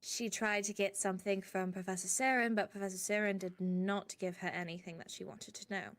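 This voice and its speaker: A woman streamer speaking in character during a roleplay, chatty and sometimes dropping to hushed asides while sharing gossip. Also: mid-range voice, fairly even intonation, brisk.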